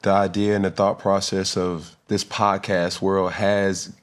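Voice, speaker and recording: A man's voice: deep voice, flat delivery, a little slow. A man hosting a podcast in a laid-back, slangy, playful way. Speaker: podcast host. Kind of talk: casual podcast chat.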